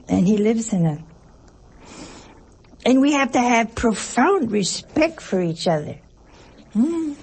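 Gravelly-voiced nun preaching folksily. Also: female voice, mid-range voice, darkish tone. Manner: folksy, humorous, full of rhetorical questions. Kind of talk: conversational sermon.

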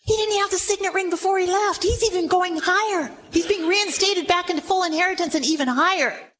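A woman's voice: very high voice, brisk, fairly bright tone, slight background noise, rough recording. A middle-aged woman preaching a sermon to a room full of listeners, telling the story animatedly and acting out the people in it. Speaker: Bible teacher. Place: room with a live audience.

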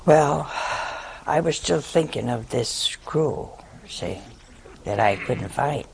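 Older woman, nun, gravelly voice, unhurried, folksy self-mocking storyteller. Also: rumbling low, animated, slight background noise, rough recording. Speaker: nun, head of a religious community. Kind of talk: humorous personal storytelling to an audience.

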